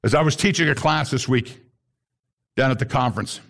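A man preaching a sermon to a congregation, emphatic, with bursts that rise sharply in pitch. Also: a little fast, gravelly, fairly bright tone. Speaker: pastor.

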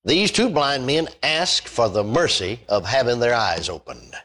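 A man's voice: mid-range voice, sing-song, unhurried, bright, forceful tone. A man preaching a sermon, reading scripture aloud and stressing his points with repetition and the odd hallelujah. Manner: emphatic preaching, repeats points, interjects hallelujah.

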